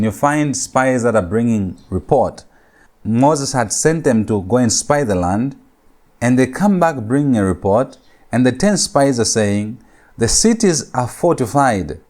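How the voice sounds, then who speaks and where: A man lecturing on Hebrew grammar, talking deliberately, repeating key points and slowing down to spell out Hebrew words. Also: mid-range voice, expressive, a little mellow. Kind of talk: recorded classroom lecture.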